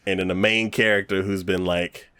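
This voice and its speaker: A man's voice: sits low, normal speed, clean tone, no echo. A man co-hosting a casual podcast, retelling an episode in a loose, rambling way. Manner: animated plot retelling full of acted-out quotes; loose and rambling with many fillers and restarts. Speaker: podcast co-host.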